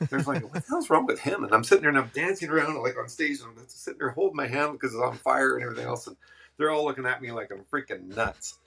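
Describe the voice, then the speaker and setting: A man, a musician guest, casually telling animated road stories and acting out the people in them. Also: mid-range voice, fast, creaky. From Western Canada. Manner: animated, laughing anecdotes with acted quotes. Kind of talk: casual storytelling.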